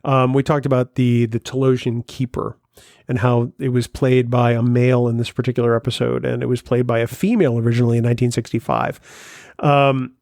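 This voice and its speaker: A man co-hosting a casual podcast chat, upbeat and running quick promo plugs. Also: medium pitch, flat delivery, gravelly, a little mellow, no room sound, clean studio sound. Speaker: podcast co-host.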